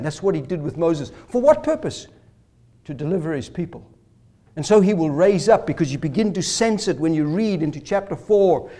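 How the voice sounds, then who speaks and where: A man's voice: high voice, a little mellow. A man preaching an expository sermon, dramatically acting out the words of biblical figures as he goes. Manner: dramatic, quotes biblical figures in shifting voices.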